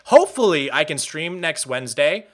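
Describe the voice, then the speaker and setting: Speaking at normal speed, a young man with a highish, very animated voice hangs out with his live-stream audience. He rambles freely, frequently restarts what he's saying and laughs a lot.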